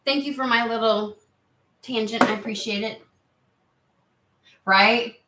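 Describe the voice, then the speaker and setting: A woman chatting excitedly and rambling on tangents during a spiritual card reading video. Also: on the high side, takes it slowly, background noise. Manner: excitable, rambling, lots of exclamations. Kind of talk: casual chatty reading vlog. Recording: roomy echo.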